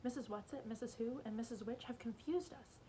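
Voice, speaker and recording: A woman reading aloud as a small boy spoken through by an alien, bland, calm and reasonable. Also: on the high side, a little fast, slight background noise, natural voice, low-quality recording. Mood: eerie calm.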